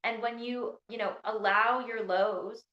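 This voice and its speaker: A woman leading an online training through her phone, talking in a bubbly, excitable way with lots of "like.". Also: on the high side, unhurried, roomy sound, dull audio. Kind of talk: live online workshop talk. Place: indoors in Scotland during a storm.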